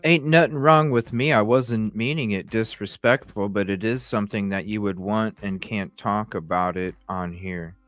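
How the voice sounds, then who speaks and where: A man's voice: lowish voice, fairly even intonation, moderate pace, hardly any pauses, fairly bright tone, dry recording, faint music behind. A man hosting a podcast, reading text messages aloud and reacting with profane, incredulous commentary. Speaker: podcast host.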